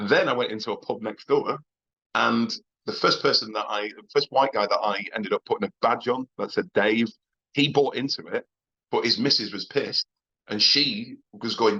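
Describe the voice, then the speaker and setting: A Northern English comedian from England, chatting as a podcast guest and telling blunt, sweary anecdotes with laughs between points and frequent restarts. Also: male voice, medium pitch, moderate pace, bright, forceful tone, husky, lo-fi sound. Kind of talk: casual interview storytelling.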